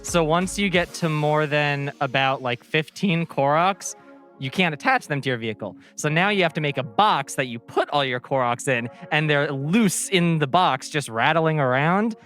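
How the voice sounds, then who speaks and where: Speaking at a normal pace in a low, expressive and fairly bright voice, a New Jersey woman with the local accent appears as a guest speedrunner on a charity stream. She explains her gaming run at length in a chatty way, full of fillers, in a casual interview. Faint music sits behind her.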